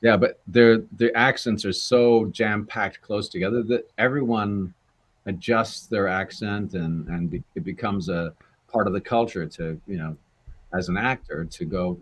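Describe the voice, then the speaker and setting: An older actor being interviewed, chatting in a rambling, self-deprecating way. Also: male voice, on the low side, moderate pace. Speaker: guest actor. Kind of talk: casual interview chat.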